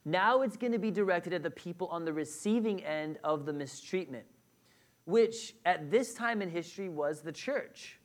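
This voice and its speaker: A man's voice: high-pitched, animated, moderate pace. A man preaching a sermon to a congregation, conversational and direct, often checking in with the room. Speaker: pastor. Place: church hall with a congregation.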